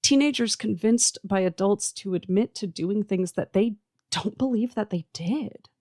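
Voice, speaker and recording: An adult podcast host who works with teenagers gives an earnest, emphatic solo monologue, laying out points in slow, measured lists. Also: medium pitch, darkish tone, no room sound, clean studio sound.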